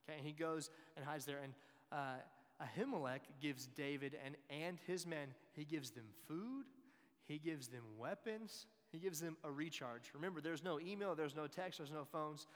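A man's voice: on the high side, moderate pace. A man preaching a sermon in a conversational way, with joking asides to his listeners. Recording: long hall reverb.

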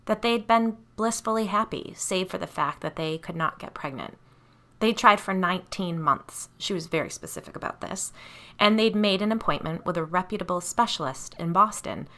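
Bright-voiced woman telling a story. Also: lowish voice. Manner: conversational, with asides to listeners. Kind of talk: first-person story reading.

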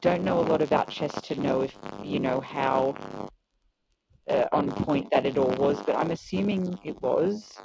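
A woman's voice: sits low, measured pace, creaky, dull audio, heavy background noise. A woman chatting casually about a show, hesitant and searching for words. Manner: hesitant, restarts often, many fillers. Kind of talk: casual chat reviewing a show.

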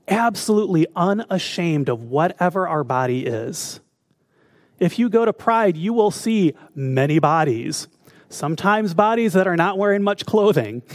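A man with a slightly high voice gives a relaxed spiritual talk as a minister. He often turns to his listeners with questions. The sound is dry and close, with no room echo. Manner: conversational, asks the audience questions.

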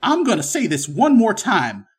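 A man's voice: high-pitched, huge pitch swings, normal speed, breathy edge, pitched above the performer's own voice, full character voice. A man voicing a stern, commanding stranger with a gun in a tabletop western game. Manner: stern, threatening.

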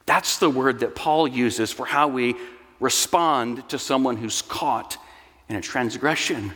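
A man's voice: medium pitch, unhurried, fairly bright tone, big-room sound. A man preaching a sermon as pastor, earnest and explanatory with storytelling asides, in a church sanctuary.

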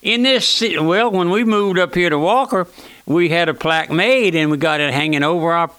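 A man preaching a radio sermon in a folksy, earnest manner, often turning to his listeners as friends. His voice sits fairly high and comes across bright and forceful. The sound is close and dry, with little room around it. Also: clean tone, no echo. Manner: earnest, keeps calling out "my friend", slows down to read scripture; folksy, plain-spoken. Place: church auditorium.

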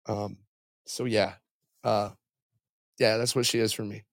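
A middle-aged man, a podcast guest, sharing a personal faith testimony in a halting, heartfelt way with frequent pauses and restarts. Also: on the low side, little pitch movement, vocal fry, no room sound.

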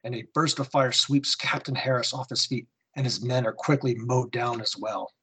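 A man's voice: mid-range voice, fairly even intonation, normal speed, sharp tone, slightly rough, rough recording. A man hosting a podcast, reading a war comic with theatrical narration and then giving a history segment. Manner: theatrical narration in second person. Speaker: podcast host.

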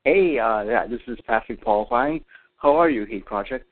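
A man's voice: mid-range voice, big pitch swings, moderate pace, gravelly. A man calling in to a radio talk show, speaking hesitantly with many fillers and restarts, heard over a tinny phone line. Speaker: caller. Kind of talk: call-in radio chat.

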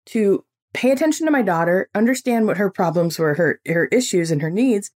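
A woman in her forties hosting a podcast, telling an everyday story in a lively way and acting out what people said. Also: medium pitch, brisk, hardly any pauses. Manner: animated storytelling, acting out quotes. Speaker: podcast host.

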